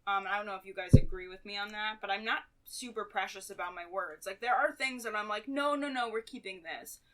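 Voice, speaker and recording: A woman's voice: medium pitch, steady tone, fast. A woman playwright chatting casually as a podcast guest, talking in long run-on stretches.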